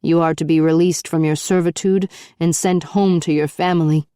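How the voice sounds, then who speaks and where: A woman voicing a grave, ashamed middle-aged ship captain who speaks softly and apologetically. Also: deep voice, fairly even intonation, moderate pace, clean tone, dry recording, studio quality, natural voice. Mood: somber, hushed. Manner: soft, hushed, apologetic.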